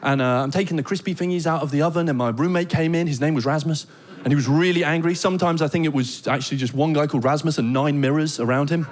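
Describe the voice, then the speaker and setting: A British man doing a stand-up comedy set on a theater stage, telling animated stories full of comic voices and mock Danish. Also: a little high, quick pace. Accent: British English. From Britain. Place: theater stage before a live audience.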